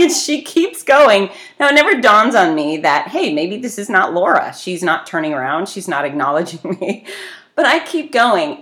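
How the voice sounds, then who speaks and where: A woman telling a casual, self-deprecating story, lively and animated, acting out people in it with big jumps in pitch. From grew up on the beach. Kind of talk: casual anecdote.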